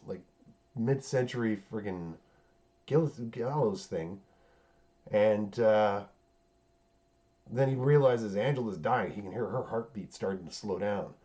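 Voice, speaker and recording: A man's voice: lowish voice, a little mellow. A man hosting a podcast in a loose, rambling chat, full of swearing and fillers. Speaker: podcast host recapping a TV series. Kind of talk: casual chat. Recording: dull lo-fi sound.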